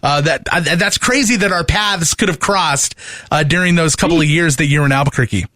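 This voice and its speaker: A man's voice: on the high side, fairly quick, sharp tone, dry recording, clean studio sound. A man hosting a casual interview, asking eager questions. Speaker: interviewer, host.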